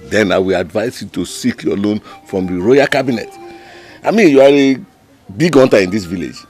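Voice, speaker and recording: A man's voice: fairly low pitch, animated, a little fast, a little mellow, faint music behind, lightly acted. A man with a Nigerian accent playing a cold, greedy village cabinet member who mocks a friend's plea. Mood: dismissive. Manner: dismissive, mocking. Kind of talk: Nollywood film acting.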